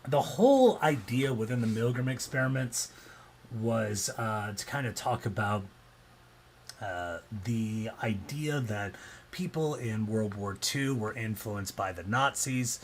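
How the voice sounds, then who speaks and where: A man's voice: fairly low pitch, animated, measured pace, slight background noise. A man presenting a casual explanatory talk, loose and conversational, often acting out quoted reactions.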